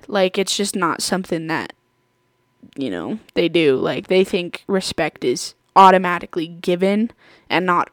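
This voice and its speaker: A woman's voice: fairly low pitch, no room sound, clean studio sound. A woman hosting her own podcast, rambling through stories in a casual chat with frequent laughter. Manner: chatty, rambling, laughs often. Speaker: podcast host.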